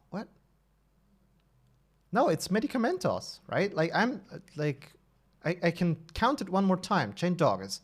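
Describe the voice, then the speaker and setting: Male streamer, 30s, casual live chat; bright-ish voice, very animated pitch, lots of self-corrections. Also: gravelly, breathy edge. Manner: talkative, self-correcting, restarts often. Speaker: streamer and level designer.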